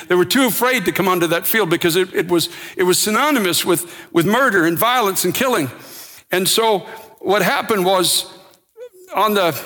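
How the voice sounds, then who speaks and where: Brief: male preacher, impassioned sermon, high bright tone, big reverberant hall. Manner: impassioned, builds to shouting.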